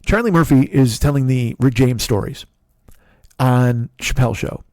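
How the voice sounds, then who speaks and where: A man's voice: mid-range voice, normal speed, darkish tone, no room sound, studio quality. A man in his fifties giving a rambling, self-deprecating comic monologue, swearing often and restarting sentences. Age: 50s. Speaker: comedian and podcast host.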